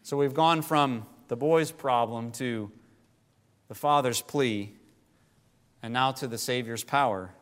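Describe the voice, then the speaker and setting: A man preaching a sermon, rising to impassioned pleas and dropping to quiet, low emphasis. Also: slow pace, pauses often. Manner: rises to impassioned pleading, then drops low. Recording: long hall reverb.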